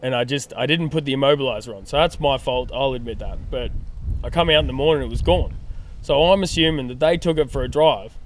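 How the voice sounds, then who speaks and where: A man's voice: mid-range voice, fast, slight background noise. A young Australian man on a podcast, telling a story with lots of swearing and acted-out dialogue. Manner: animated storyteller, swears freely, acts out dialogue. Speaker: podcast guest. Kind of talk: casual chat, storytelling.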